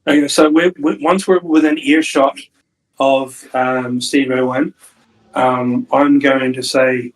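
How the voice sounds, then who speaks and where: A man playing a tabletop game, planning his move in a hesitant, casual way full of small pauses. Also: mid-range voice, steady tone, low-quality recording. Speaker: player.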